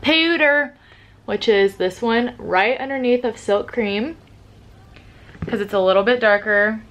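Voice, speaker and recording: A woman's voice: medium pitch, fairly even intonation, unhurried, a little hiss or hum. A young woman, chatting casually through a makeup tutorial as a beauty vlogger, upbeat and full of "like". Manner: chatty, upbeat, says "like" often.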